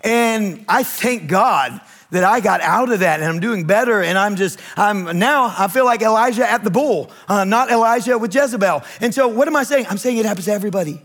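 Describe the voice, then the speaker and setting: A middle-aged male pastor preaching a sermon, animated and rising to shouts, telling a candid, self-deprecating personal story. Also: high-pitched, normal speed.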